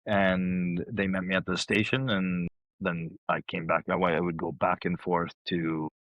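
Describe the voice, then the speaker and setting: A man in his fifties, a podcast guest telling stories in a lively way and acting out the people he quotes. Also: low voice, a little slow, no echo, highs cut off. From Canada. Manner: animated storyteller who acts out quoted people. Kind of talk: casual storytelling.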